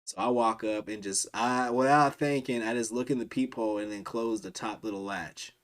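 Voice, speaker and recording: A man's voice: on the low side, normal speed. Rambling man telling a story casually. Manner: rambling, slangy, many restarts and repetitions. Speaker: streamer.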